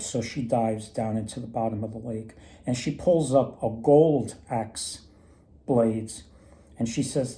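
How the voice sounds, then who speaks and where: A man's voice: medium pitch, measured pace, warm tone, slight background noise. A man casually retelling folk myths and tales, rambling with many restarts. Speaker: storyteller and mythology presenter. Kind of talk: casual storytelling talk.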